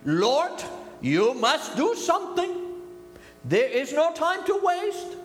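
A man's voice: very high voice, wildly swooping pitch, slow pace, faint music behind, voice pushed up, exaggerated voice. A preacher voicing a bold elderly Dutch woman, with a Dutch accent, who prays in a raised, demanding and emphatic way. The delivery is insistent. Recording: echoey hall with long reverb.

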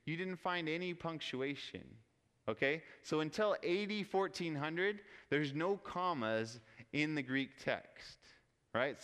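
A man's voice: mid-range voice, a bit bright, clean tone. A man preaching a sermon in a conversational way, often putting questions to his listeners. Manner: conversational, asks audience rhetorical questions. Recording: long hall reverb.

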